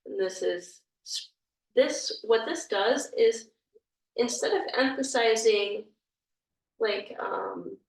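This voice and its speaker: A woman's voice: fairly high pitch, slow, gravelly, roomy sound, far from the mic, low-quality recording. A woman teaching a grammar lesson, explaining step by step, thinking aloud and often hesitating. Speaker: language teacher.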